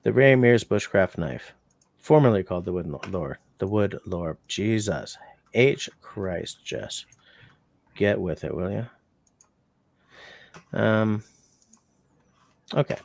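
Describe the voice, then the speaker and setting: A man's voice: lowish voice, animated, slow pace, creaky, pauses often, a little mellow. A man hosting a casual bushcraft livestream, talking in a rambling, joking, self-mocking way. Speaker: bushcraft channel host.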